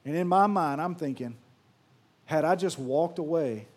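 A man preaching a sermon, swinging from loud emphatic lines to hushed storytelling. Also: a little high, measured pace. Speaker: pastor.

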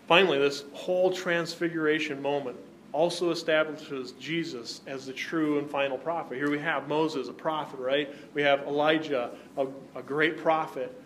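A man's voice: fairly high pitch, steady tone, normal speed, a bit bright, slight background noise. A man teaching a Bible class, who keeps checking in with his listeners by asking "right?" and putting questions to the group.

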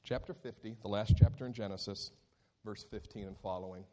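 In this sermon, a man who pastors alternates animated questions pitched high with scripture passages he reads out slowly and with deliberate care.

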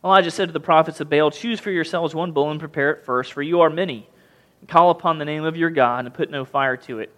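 A man preaching a sermon as pastor, reading scripture and acting out scenes with mocking, lively voices. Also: on the high side, fast. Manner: animated, mocking voices when retelling the story.

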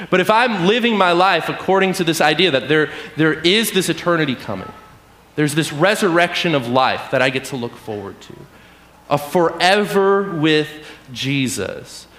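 Man, casual sermon, conversational, fairly high voice, echoey room. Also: fairly bright tone. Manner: conversational, keeps asking "right?". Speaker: preacher.

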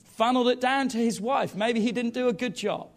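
A man in his thirties delivering a sermon with a notably high voice. He talks directly to the congregation, breaking off for playful asides before pressing his point. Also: brisk. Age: 30s. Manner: lively, jokey asides to the congregation. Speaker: preacher.

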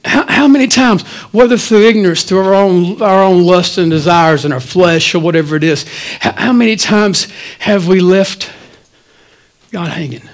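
A man, the pastor, preaching a sermon in a church, swinging between loud, animated stretches and quiet asides. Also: high voice, normal speed, low-quality recording.

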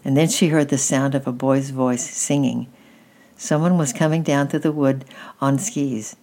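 A woman gently reading a children's story aloud at an unhurried pace. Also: very deep voice, steady tone.

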